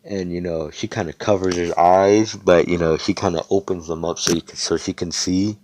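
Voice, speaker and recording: Deep-voiced young man rambling profanely. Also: fairly even intonation, moderate pace, a little mellow, a little hiss or hum. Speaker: storyteller. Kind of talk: improvised fan fiction storytelling.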